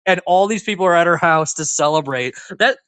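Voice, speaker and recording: A young man with a fairly high voice talks through a film on a podcast, retelling one scene after another. He jumps into the characters' lines as he goes, in a relaxed chatty way. The recording is dry and close, with no room sound. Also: brisk, clear, resonant tone, no room sound. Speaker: podcast co-host. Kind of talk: casual chat.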